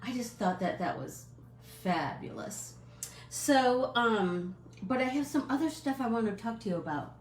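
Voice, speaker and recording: Slow-talking chatty woman in an echoey room. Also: fairly high pitch, expressive, slight background noise. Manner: chatty, apologetic, many fillers and restarts. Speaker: artist hosting a live stream. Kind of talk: casual live-stream chat.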